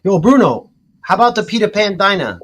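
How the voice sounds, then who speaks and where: A man hosting a live stream, chatting casually and excitedly, with swearing. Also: high voice, fairly quick. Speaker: stream host.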